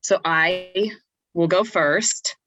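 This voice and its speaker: A woman's voice: lowish voice, drawn-out words, fairly bright tone, low-quality recording. A young woman co-hosting a casual podcast chat, talking in a loose, laughing way and often restarting her sentences. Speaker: podcast co-host.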